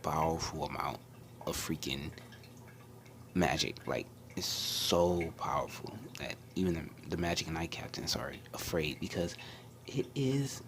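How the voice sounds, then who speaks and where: A young man casually retelling an anime fan story in a hushed, often half-whispered way, with lots of restarts and fillers. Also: low voice, slight background noise.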